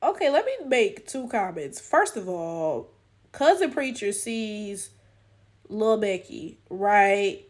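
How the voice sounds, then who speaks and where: A woman's voice: mid-range voice, animated, slow pace. A woman giving blunt, profane, incredulous reaction commentary full of rhetorical questions. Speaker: reaction channel host.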